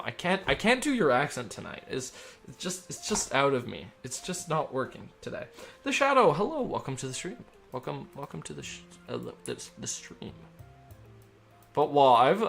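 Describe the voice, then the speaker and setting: A man's voice: medium pitch, creaky, fairly bright tone. A young man streaming, chatting casually while he plays, joking and rambling as he reads chat aloud.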